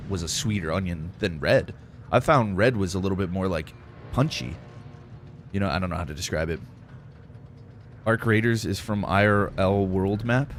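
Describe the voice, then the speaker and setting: Young male gaming streamer, lowish voice, laid-back rambling chatter, faint hiss behind. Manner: rambling, laid-back, heavy use of "like" and "dude". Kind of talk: casual chat while playing.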